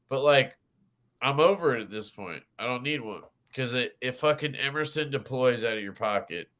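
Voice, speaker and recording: A man's voice: medium pitch, sharp tone. A man hosting a casual livestream chat, rambling and swearing freely while he laughs. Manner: profane, rambling, laughs often. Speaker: podcast host.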